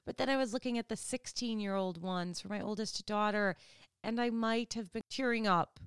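A woman's voice: medium pitch, moderate pace, clean tone, dry recording, studio quality. A woman of about forty from Wisconsin, chatting casually to her viewers, laughing often and acting out quoted people. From Wisconsin, US Midwest. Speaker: vlogger. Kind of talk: casual chat to camera.

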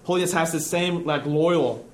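An earnest man preaching with a fairly high voice, talking his listeners through ideas in a conversational way and often restarting mid-phrase. His voice rings in a roomy, echoey space. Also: moderate pace, slight background noise. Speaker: pastor. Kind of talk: sermon. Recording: echoey room.

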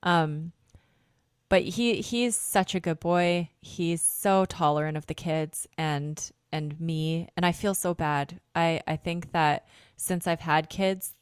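Low-voiced chatty woman podcaster. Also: slow pace, smooth, no room sound, studio quality. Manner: chatty, self-deprecating, laughs often, many fillers. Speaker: podcast host. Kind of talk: casual rambling monologue.

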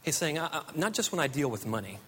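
A man's voice: a little high, big pitch swings, fast talker, bright, forceful tone, breathy edge. A man from the United States preaching a sermon, telling stories earnestly. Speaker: pastor. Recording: long hall reverb.

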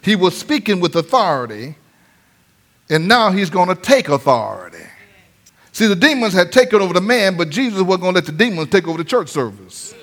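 A man with a high, bright voice preaches a sermon. He drives his points home with rising sing-song cadences and sudden shouted lines. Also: sing-song, brisk. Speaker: pastor.

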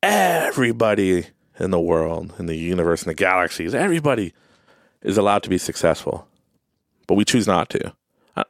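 Young male host, deep gravelly voice, lively and earnest motivational delivery, dry close sound. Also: brisk, dry recording. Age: young adult. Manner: earnest, repetitive, animated, mimics others in high voices. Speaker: podcast host. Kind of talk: motivational talk.

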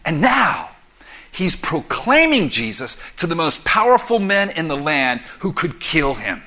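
A man preaching a sermon as pastor, explaining scripture verse by verse in an animated, conversational way with quick asides. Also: a little high. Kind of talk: expository sermon.

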